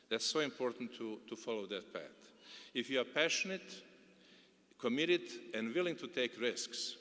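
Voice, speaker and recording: A man's voice: medium pitch, pushed and bright. A middle-aged man from Bosnia and Herzegovina giving an earnest, advising commencement speech, often repeating words. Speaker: commencement speaker. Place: large indoor coliseum. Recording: long reverb of a large arena.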